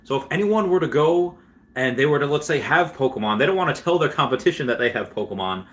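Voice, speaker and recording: A man's voice: fairly high pitch, lively intonation, quick pace, fairly bright tone, a little hiss or hum, pitched above the performer's own voice. A man putting on a hammed-up Canadian accent, asking teasing leading questions. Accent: put-on Canadian.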